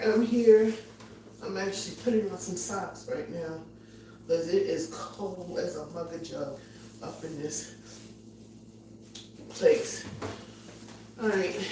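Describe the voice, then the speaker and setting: A middle-aged woman hosting a casual live cooking stream from her home kitchen, chatty and excitable, laughing often and a little out of breath. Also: mid-range voice, echoey room, slight background noise. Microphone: phone or camera on a tripod.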